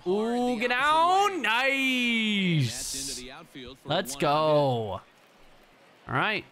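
A man's voice: sits high, drawn-out words. Guy doing a let's play, swears a lot, gets hyped, voice jumps all over. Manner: excitable, profane, talks to chat. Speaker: gaming video host.

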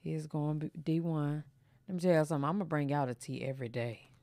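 A woman's voice: low-pitched, fairly even intonation, mellow, no echo. A woman hosts a gossip show. She talks loosely and sassily, drawing out her asides. The sound is dry and close. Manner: sassy, drawn-out asides. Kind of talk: casual commentary.

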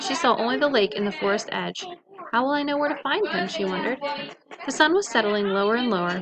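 A woman teacher reading a children's picture book aloud in a clear, gentle storytelling voice. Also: medium pitch, low-quality recording.

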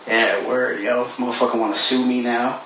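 Guy doing a cocky comedian, crude slang, bright forceful voice, faint hiss behind. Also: medium pitch, little pitch movement, normal speed, very echoey, distant mic, close to an everyday voice, poor audio. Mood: smug.

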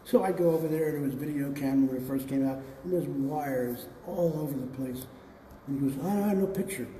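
A man giving a museum tour, telling relaxed, rambling stories about his father. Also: medium pitch, fairly quick, slight background noise. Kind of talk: casual storytelling on a tour. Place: large museum gallery indoors. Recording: echoey gallery with long reverb.

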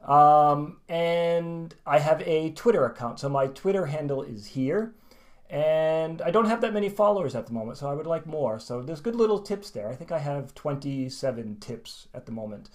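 A man's voice: on the high side, animated, moderate pace. Chatty, self-deprecating male English teacher. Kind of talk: casual video lesson outro.

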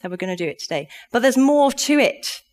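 A woman's voice: fairly high pitch, animated, fairly quick, darkish tone. A woman giving a conference keynote talk, upbeat and chatty, laughing often as she speaks to a live audience in a conference room.

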